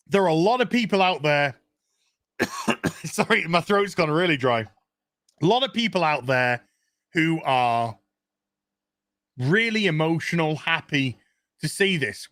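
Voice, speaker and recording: Male host, profane sarcastic rant, slow unhurried delivery with bright tone. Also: fairly high pitch, no room sound. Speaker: show host. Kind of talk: casual ranting commentary. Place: home kitchen.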